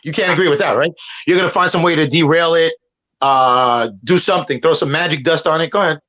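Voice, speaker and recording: A man's voice: a little high, fast talker, pushed and bright. Heated, profane man on muffled audio. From Puerto Rico. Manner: profane, rambling, talks over others. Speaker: guest debater on a stream. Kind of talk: heated argument.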